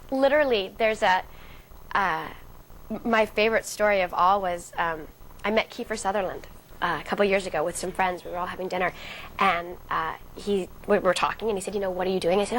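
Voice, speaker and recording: Fast-talking woman telling a story. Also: medium pitch, fairly bright tone, slight background noise, low-quality recording. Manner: acts out quoted dialogue vividly. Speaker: actress interviewee. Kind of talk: casual storytelling interview.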